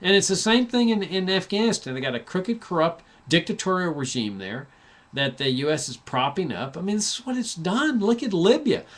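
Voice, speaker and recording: A man's voice: sits high, big pitch swings, normal speed, fairly bright tone. A man hosting a talk show, giving a passionate, sarcastic political commentary monologue with frequent restarts. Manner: impassioned, sarcastic, full of restarts.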